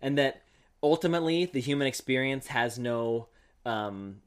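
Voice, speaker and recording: A man's voice: mid-range voice, expressive, moderate pace, clear, resonant tone. A man co-hosting a casual Christian podcast, explaining ideas step by step and checking in with "right?". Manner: explanatory, asks "right?" often. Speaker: podcast co-host. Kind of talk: casual faith discussion.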